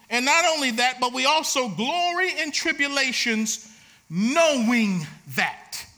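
A man preaching a sermon, swinging between shouted lines and quieter teaching. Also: very high voice. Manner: shouting, preaching with rising intensity.

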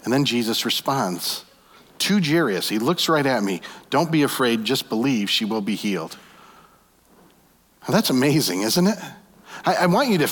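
A man preaching in a big reverberant hall, his voice trailing off into a long echo. He retells a scripture story with lively imagination and keeps asking his listeners rhetorical questions. His pitch sits in the middle range. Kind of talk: sermon.

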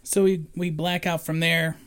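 A woman with a notably low voice, talking in an easy, casual way. She lays out events in a plain, matter-of-fact manner, one step after another. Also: level tone, normal speed, smooth. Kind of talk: casual chat recapping a film.

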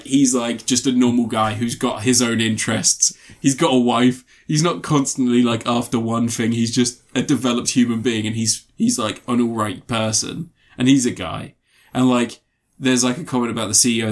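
A man's voice: medium pitch, fairly even intonation, moderate pace. Enthusiastic man rambling on a podcast. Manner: enthusiastic, rambling scene retellings with many fillers. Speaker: podcast co-host reviewing films. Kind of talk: casual chat.

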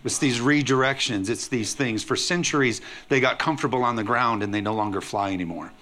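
A male pastor giving a sermon to a congregation in a church, preaching in an energetic, conversational way with playful asides. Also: mid-range voice, fairly quick.

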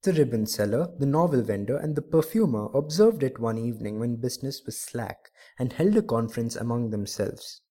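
A male storyteller reading a story aloud in a measured, expressive manner. His voice sits at an ordinary middle pitch.

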